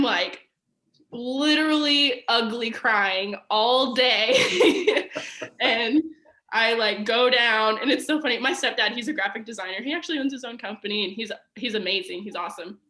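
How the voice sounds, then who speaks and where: A woman's voice: fairly high pitch, quick pace, sharp tone. A young woman telling a personal story as a podcast guest, chatty and casual, full of "like" and fillers. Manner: chatty, filler-heavy with frequent "like" and laughs.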